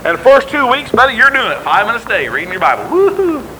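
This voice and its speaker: High, bright-voiced preacher man. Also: very animated, rapid-fire, a little hiss or hum, poor audio. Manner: emphatic, conversational preaching that acts out quotes. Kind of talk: sermon.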